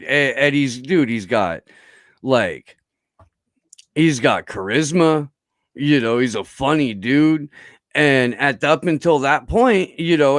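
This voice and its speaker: A man's voice: medium pitch, no room sound. A man chats casually as a podcast guest, spinning a long story. His talk is rambling and profane, full of fillers and restarts. The sound is dry and close.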